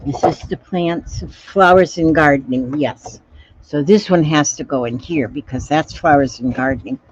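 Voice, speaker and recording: A woman's voice: deep voice, normal speed, highs cut off, background noise. Chatty woman crafting. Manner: chatty, repeats phrases to herself while working. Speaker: craft vlogger reading live comments. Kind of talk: casual crafting livestream chat.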